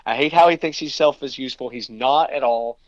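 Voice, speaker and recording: A man's voice: mid-range voice, fairly quick, no room sound. Man complaining emphatically, dull dry mic. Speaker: podcast co-host. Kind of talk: casual chat.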